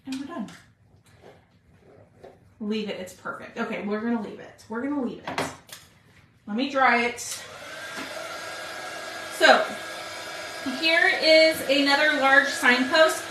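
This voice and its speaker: A woman with a high-pitched voice hosts a live craft stream, talking slowly with long pauses as she works. She chats with viewers and uses "y'all," while the echoey room carries background noise in this casual demo.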